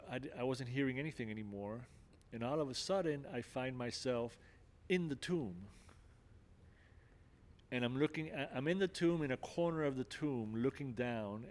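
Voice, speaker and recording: An older man speaks as a podcast guest, telling his story with earnest sincerity. His pitch sits in an ordinary middle range, and he often restarts phrases and leans on "you know." The delivery feels unscripted and conversational. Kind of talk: personal testimony in conversation.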